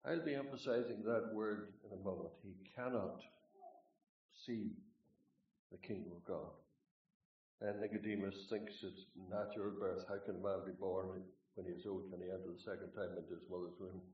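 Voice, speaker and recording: A man's voice: low voice, steady tone, fairly quick. A Northern Irish man preaching a sermon in a meeting hall, folksy and joking, and emphatic when he reads scripture. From Northern Ireland. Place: meeting hall, speaking away from the mic. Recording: roomy, distant, dull hall recording.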